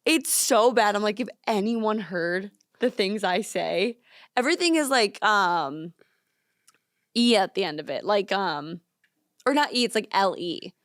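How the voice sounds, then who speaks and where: A woman's voice: medium pitch, expressive, a little slow, no echo, clean studio sound. A young woman co-hosting a podcast, chatting casually and giggling, with lots of "like". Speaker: podcast co-host. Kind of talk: casual chat. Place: studio.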